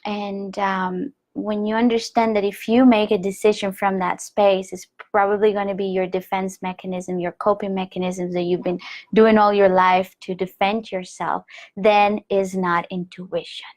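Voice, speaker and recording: This spiritual teacher, a woman of medium pitch with a flat delivery, speaks softly on a live online call, slipping often into a hushed whisper and repeating phrases slowly.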